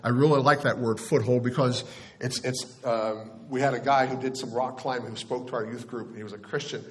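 A man's voice: mid-range voice, fairly even intonation, brisk. Man preaching a conversational sermon. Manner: conversational, self-deprecating, with asides to the congregation. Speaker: pastor.

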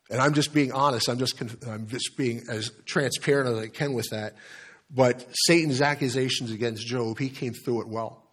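A male pastor preaching in a plain, mid-pitched voice. He talks to his congregation in a frank, conversational way and tells stories with many small restarts. He also reads scripture aloud. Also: a bit bright. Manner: candid, conversational storytelling with restarts. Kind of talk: sermon with personal story.

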